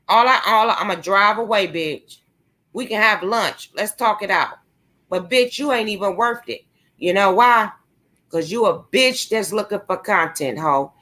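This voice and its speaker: A young woman vlogs an angry, profane rant to the camera, taunting and cursing at someone she's calling out. Her voice is a little high with a sharp tone.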